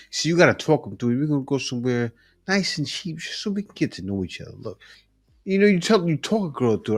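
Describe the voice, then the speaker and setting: A man's voice: a little high, animated, quick pace. A man hosting a reaction video, giving blunt, emphatic commentary with chuckles.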